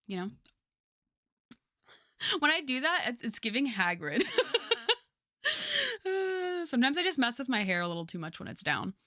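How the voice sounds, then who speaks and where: A woman's voice: sits high, big pitch swings, moderate pace, long pauses, pushed and bright, no echo, clean studio sound. A young woman streamer chatting casually with her viewers, rambling with lots of fillers and frequent laughter.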